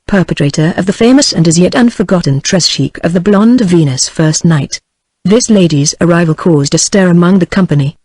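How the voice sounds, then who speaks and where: A text-to-speech woman's voice with a British accent, reading a classic novel in an even, measured way. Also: on the low side, dry recording. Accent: British English. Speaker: audiobook narrator. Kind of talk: synthetic audiobook narration.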